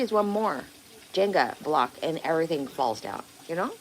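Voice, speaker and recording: Her voice is low and expressive, and she speaks at a normal speed. This host is doing a casual outdoor livestream by a pond, rambling, occasionally swearing, and answering viewer comments aloud. The audio is poor, with outdoor background noise.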